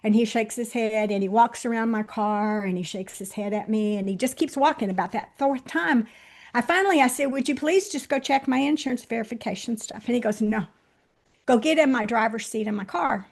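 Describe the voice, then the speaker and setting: A woman in her sixties, a guest on the show, telling a personal story straight to viewers, swinging between loud bursts and hushed moments. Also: fairly high pitch, normal speed. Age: 60s. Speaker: interview guest.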